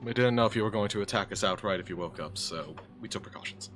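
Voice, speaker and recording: A man playing a tabletop game, excitable and swearing often. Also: lowish voice, fast talker, music in the background. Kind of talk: casual tabletop game chat.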